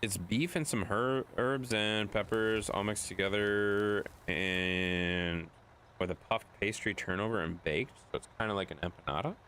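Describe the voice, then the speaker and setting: A man's voice: on the low side, fairly even intonation, measured pace, a bit bright, a little hiss or hum. A man streaming a game late at night, reading chat aloud in a chatty way, swearing now and then.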